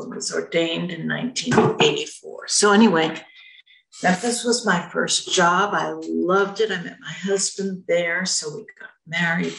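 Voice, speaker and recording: A woman's voice: fairly low pitch, vocal fry, roomy sound, low-quality recording. A retired woman rabbi in her seventies chatting on a video call, telling her story in a rambling, self-correcting way. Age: 70s. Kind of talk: casual group conversation.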